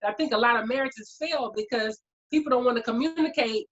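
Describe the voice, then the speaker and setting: A woman's voice: on the high side, fast talker, muffled recording. A woman in her forties, talking candidly and openly in a casual group chat. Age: 40s. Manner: candid, animated storyteller.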